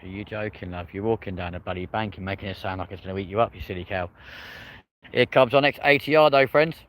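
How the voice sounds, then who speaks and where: A man's voice: lowish voice, fast talker, fairly bright tone, a little hiss or hum. A man giving chatty, upbeat live commentary to his viewers outdoors beside an airport, recorded on a phone. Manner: chatty, upbeat, addresses viewers as friends and folks. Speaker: live-stream plane spotter.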